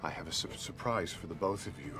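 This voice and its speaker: A man's voice: low voice, fast talker, pushed and bright, soft background music. A man playing in a tabletop game, speaking earnestly and tenderly in character as a father. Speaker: player. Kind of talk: in-character role-play.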